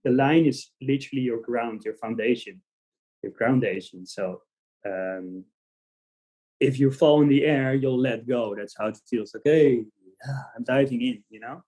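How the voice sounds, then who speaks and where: A man from the Netherlands, a native Dutch speaker, chatting as a podcast guest and telling animated stories with many fillers. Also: mid-range voice, moderate pace. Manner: animated storytelling with frequent fillers and laughs. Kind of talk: casual interview chat.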